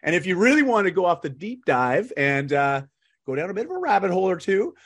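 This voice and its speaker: A man, a guest coach, talking in an animated, upbeat way and laughing often in a casual interview. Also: sits high, fast, slightly rough. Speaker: guest, fitness and lifestyle coach. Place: home in Vancouver, remote call.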